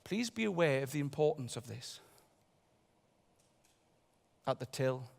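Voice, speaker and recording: A man giving a motivational conference keynote, telling a story and swinging between loud bursts and quiet asides. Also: medium pitch, very animated, measured pace, creaky. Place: large conference hall. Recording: long hall reverb.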